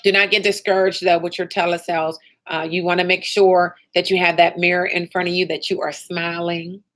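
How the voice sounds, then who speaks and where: A woman with a somewhat low voice leads a live online training for sales agents. She is upbeat and motivational, and she talks straight to her trainees. She keeps checking in with quick "okay?" and "right?" prompts. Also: level tone, fairly bright tone.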